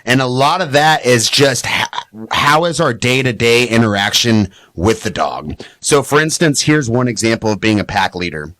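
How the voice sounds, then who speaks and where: A man talking as a dog trainer guest on a studio podcast, animated and explaining with acted-out examples. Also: normal speed, no room sound. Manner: animated, acts out high excited voices when quoting owners. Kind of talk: podcast interview.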